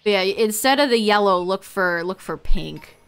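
Woman streamer chatting slow and easy w/ her chat, laughs a lot, faint music under it. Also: mid-range voice, animated, clear, resonant tone. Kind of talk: casual live-stream chat.

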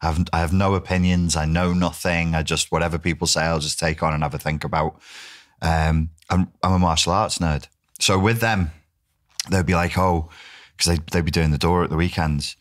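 A middle-aged man with a Wirral accent, telling animated stories as a podcast guest and swearing freely. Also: deep voice, fairly quick. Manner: animated, swears, does voices for others. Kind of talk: casual storytelling interview.

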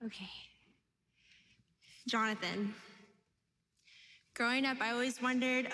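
Bride, fairly high voice, heartfelt and emotional, reverberant venue. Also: female voice, unhurried, pauses often, background noise. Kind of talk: reading wedding vows. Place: wedding venue. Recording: echoey ceremony hall.

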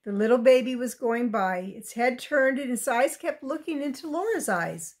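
A woman reading a children's chapter book aloud with gentle asides for young listeners. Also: a little high, expressive, moderate pace. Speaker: reader.

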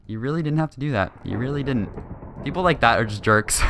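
A man's voice: mid-range voice, lively intonation, fast, gravelly, fairly bright tone, a little hiss or hum. Hyper young man narrating gameplay. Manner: hyper, chatty, frequent ums and laughs. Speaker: gaming channel host. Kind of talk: gameplay commentary.

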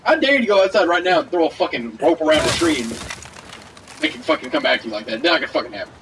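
A man's voice: on the high side, very animated, quick pace. Profane, joking man on a distant mic. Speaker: gaming commentator. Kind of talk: let's play commentary. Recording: distant mic with faint noise.

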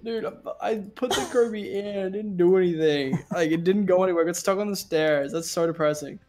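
A man's voice: high-pitched, brisk, darkish tone. A man with an Australian accent chatting casually while gaming, laid-back and drily joking, groaning at setbacks. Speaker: gaming YouTuber, teammate. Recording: noisy gaming mic with clicks.

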